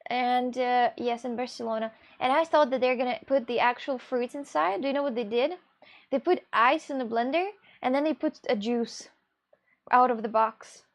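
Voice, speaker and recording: This young woman, a Russian live streamer, talks at normal speed in a fairly high voice. She rambles casually to her audience, with gasps and restarts along the way.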